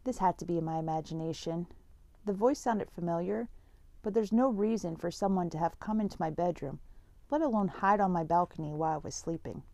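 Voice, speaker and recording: Low-voiced woman reading a story. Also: a little fast, gravelly, warm tone, no room sound. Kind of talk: first-person story reading.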